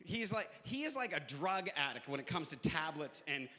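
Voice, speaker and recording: A man's voice: on the high side, very animated, normal speed, sharp tone, big-room sound. A male comedian performing a stand-up set, punchy and chatty with the crowd.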